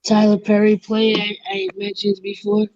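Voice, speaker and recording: Animated woman telling comedy stories. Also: medium pitch, normal speed, highs cut off. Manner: animated storyteller who acts out quoted comedy lines. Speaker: co-host. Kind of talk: casual chat.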